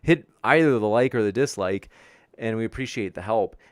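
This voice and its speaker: A man's voice: lowish voice, moderate pace, no room sound, studio quality. A man hosting a debate livestream, reading and answering viewer chat in a friendly, upbeat way and stumbling over viewer names. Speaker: debate show host reading live chat.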